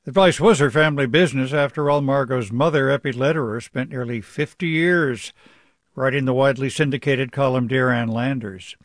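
A man's voice: medium pitch, fairly quick, no echo. A man hosting a radio news program, asking questions and reading a wry, affectionate essay. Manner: warm, wry storytelling.

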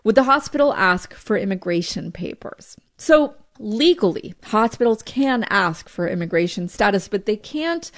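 A woman immigration correspondent narrating a news report in a measured storytelling delivery. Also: mid-range voice, expressive.

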